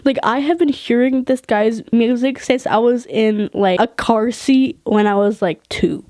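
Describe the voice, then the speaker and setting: Woman, casual storytelling vlog, animated, profane, laughs as she talks, dry close sound. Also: on the high side, moderate pace, hardly any pauses, no echo. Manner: animated, swearing freely, laughing mid-sentence. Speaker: vlogger.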